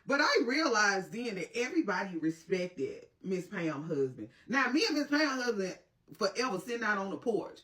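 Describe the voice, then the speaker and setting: Blunt, bright-voiced woman. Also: medium pitch, moderate pace, distant mic. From Mississippi, USA. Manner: blunt, profane, animated storytelling. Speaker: storytime vlogger. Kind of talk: casual storytime.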